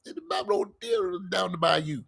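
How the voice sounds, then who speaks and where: A man's voice: high-pitched, wildly swooping pitch, normal speed, gravelly, a bit bright, husky. An American man hosting a casual chat, joking and rambling, laughing often. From United States.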